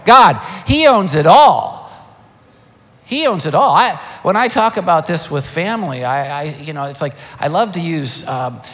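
An older man preaching a sermon, animated and emphatic, firing rhetorical questions. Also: on the high side, unhurried. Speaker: pastor. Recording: long hall reverb.

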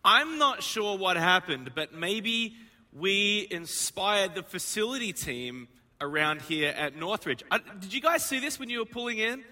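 A man, preaching a sermon to his congregation in an energetic, joking way. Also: high-pitched, unhurried. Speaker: pastor. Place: church auditorium.

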